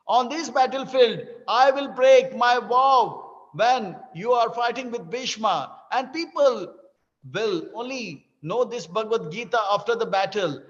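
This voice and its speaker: A man voicing a commanding, protective divine lord during a spiritual talk, declaring urgent commands. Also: high-pitched. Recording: dull lo-fi with long hall reverb.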